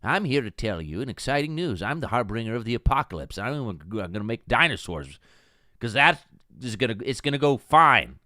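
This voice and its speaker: A man's voice: mid-range voice, big pitch swings, fairly quick, sharp tone, no room sound, studio quality, pitched below the performer's own voice. A man putting on a mock-proud, sarcastic voice as a grandiose scientist proclaiming doom.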